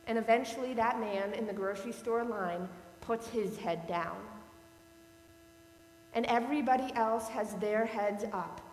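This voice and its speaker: A woman pastor delivering a sermon, telling a story in a slow, measured way. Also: fairly high pitch. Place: church sanctuary. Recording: echoey hall with long reverb and faint hum.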